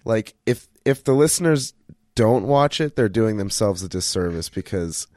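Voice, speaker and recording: A man hosting a podcast in casual chat, relaxed, chuckling and trailing off. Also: fairly low pitch, normal speed, no room sound, clean studio sound. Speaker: podcast host.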